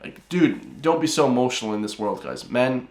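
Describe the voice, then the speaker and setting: A man's voice: medium pitch, expressive, normal speed. An Irish man hosting a reaction video, ranting and calling his viewers guys and bro. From Ireland. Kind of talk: reaction commentary. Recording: roomy echoey room.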